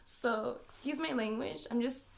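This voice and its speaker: Chatty young woman, slightly high voice. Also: measured pace, vocal fry. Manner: emotional, chatty, with fillers and swearing. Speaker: vlogger. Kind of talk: casual venting vlog.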